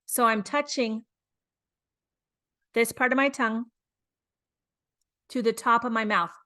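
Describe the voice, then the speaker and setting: A woman teaching English letter sounds, speaking deliberately, repeating each sound and explaining where the tongue goes. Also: on the high side, fairly even intonation, sharp tone. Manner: slow, deliberate, demonstrating mouth positions and repeating sounds. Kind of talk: phonics lesson.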